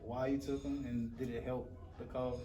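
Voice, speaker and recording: A man's voice: mid-range voice, level tone, normal speed, dark tone. A man hosting a casual interview, laid-back with short reactions. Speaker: interview host. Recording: roomy, distant mic, noisy.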